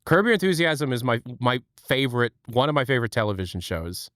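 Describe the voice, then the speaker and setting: Streamer type: young guy, casual joking chatter, smooth clear voice, dry close mic. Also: mid-range voice, big pitch swings, a bit bright, no room sound. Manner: rambling, joking, quick asides. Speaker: livestream host. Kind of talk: casual chat with chat viewers.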